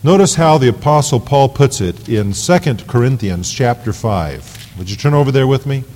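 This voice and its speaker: A man's voice: medium pitch, lively intonation, normal speed, darkish tone. A man preaching a sermon to his congregation, pushing his voice up on key phrases. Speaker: pastor. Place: church sanctuary. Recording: hall reverb in a church.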